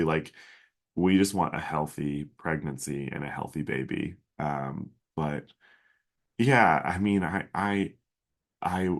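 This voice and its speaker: A man with an extremely low, deep voice tells a personal story on his podcast. He is in his thirties and talks casually and earnestly, full of ums and restarts and plainly moved. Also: a bit bright. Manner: earnest, emotional, many fillers and restarts. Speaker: podcast host.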